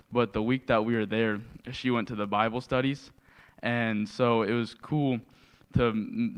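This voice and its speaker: A teenage boy shares a church testimony in a plain, slightly hesitant way. His voice is low and smooth. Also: fairly bright tone. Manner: plain, hesitant, with filler words. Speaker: youth mission trip member.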